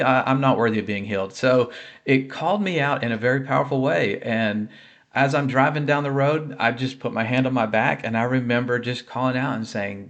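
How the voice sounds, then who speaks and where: A man recounts his faith testimony in an earnest, conversational way. His voice sits at an ordinary middle pitch, and he often restarts and fills pauses as he talks. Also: a bit bright, dull audio. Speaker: ministry speaker sharing a healing testimony. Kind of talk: personal faith testimony told to camera.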